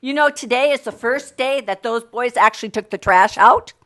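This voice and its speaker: An older woman speaks at a public comment in a council chamber. Her voice is high and bright, and she pleads angrily, repeating her questions. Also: normal speed, few pauses. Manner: angry, pleading, repeats herself.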